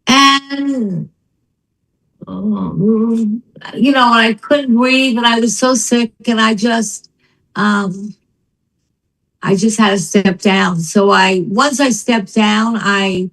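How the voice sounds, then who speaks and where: An older woman, a business founder and guest, telling her story in an interview with emphatic, animated delivery. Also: mid-range voice, slow, rough recording.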